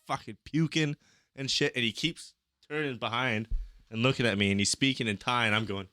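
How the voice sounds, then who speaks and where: A podcast co-host telling a rowdy travel story in casual chat, animated and full of swearing. His voice is bright and forward, in a middle pitch. The recording is close and dry. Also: brisk, clear, resonant tone, no room sound.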